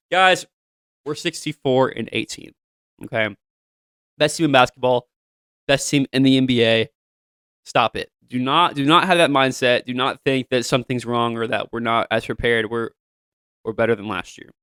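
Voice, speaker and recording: A young man hosting his own sports show, talking to his listeners in an animated, hyped fan style with lots of asides. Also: medium pitch, smooth, dry recording. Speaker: show host. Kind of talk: solo sports podcast talk.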